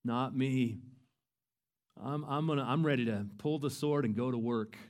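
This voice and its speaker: A pastor doing brash, boastful Peter. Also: male voice, medium pitch, moderate pace, darkish tone, natural voice.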